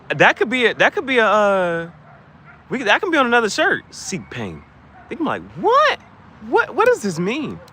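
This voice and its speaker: A man chatting casually and joking, laughing often and swinging his voice high and low. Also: sharp tone, slight background noise. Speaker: channel host.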